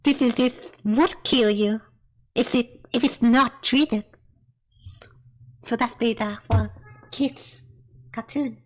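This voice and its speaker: A woman's voice: sits high, low-quality recording. Chatty woman streamer. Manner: chatty, repeats "not gonna lie", laughs often. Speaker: streamer reviewing episodes. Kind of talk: casual live-stream chat.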